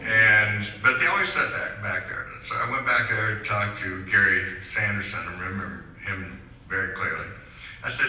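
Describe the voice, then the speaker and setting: A man's voice: fairly low pitch, normal speed, bright, forceful tone, slight background noise. Older man, rambling speech in echoey hall. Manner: rambling, self-deprecating, anecdotal. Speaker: hall of fame inductee giving a speech. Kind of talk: storytelling acceptance speech. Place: school hall. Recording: echoey hall, mic far off.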